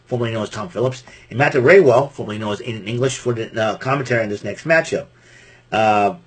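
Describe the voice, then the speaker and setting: Breathy and mid-range, the podcast host's voice carries a loose, rambling recap of a wrestling event. The Massachusetts man is animated, laughs a lot, and often starts his thoughts over.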